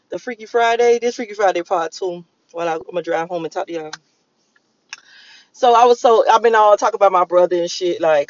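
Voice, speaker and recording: A woman's voice: mid-range voice, no echo, dull audio. A woman vlogging while driving home, talking to her viewers in a rambling, emotional, profane way with lots of fillers. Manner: emotional, profane, repetitive storytelling with many fillers. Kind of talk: casual rambling monologue.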